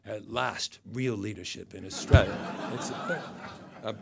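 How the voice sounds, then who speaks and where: A man's voice: lowish voice, unhurried, creaky, a loud crowd, very noisy. An older man giving a satirical awards speech to an event audience, dry and mocking, with wry asides. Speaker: awards presenter.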